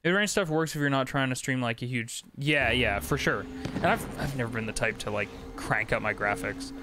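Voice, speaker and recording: At a normal speed and in a mid-range voice, a young man gives casual commentary while streaming a video game, swearing freely and chatting with his viewers. Background noise comes from the game's music and sound effects.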